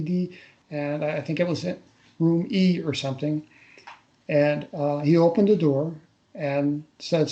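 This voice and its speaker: Older man, halting storyteller, roomy echo. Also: on the high side, darkish tone, highs cut off. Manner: halting, repeats words while recalling. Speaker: interview guest. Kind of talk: casual first-person storytelling. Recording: roomy echo on a radio interview.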